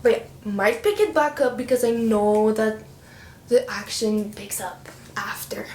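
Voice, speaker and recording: A woman's voice: mid-range voice, unhurried. Chatty young woman, echoey room. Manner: chatty, expressive, playful slang. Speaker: book vlogger. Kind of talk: casual book review chat. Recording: roomy echo with faint background hiss.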